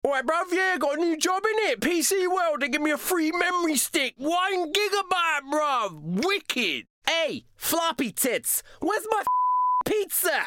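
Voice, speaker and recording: A man's voice: very high-pitched, expressive, measured pace, noisy background, voice pushed up. A man playing a cocky young lad who talks in a swaggering, slangy drawl.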